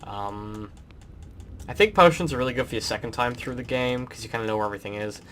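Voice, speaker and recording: A young Australian man with an Australian accent touched with British, giving rambling, relaxed gameplay commentary full of ums. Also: medium pitch, quick pace, a little hiss or hum. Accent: Australian, mixed with British. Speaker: let's play host.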